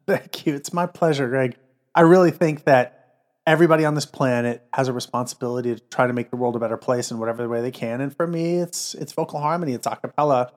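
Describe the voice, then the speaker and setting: A man's voice: mid-range voice, steady tone, fast. A man, an a cappella producer and arranger, talking as a guest in an interview with eager, earnest energy. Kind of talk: enthusiastic interview talk.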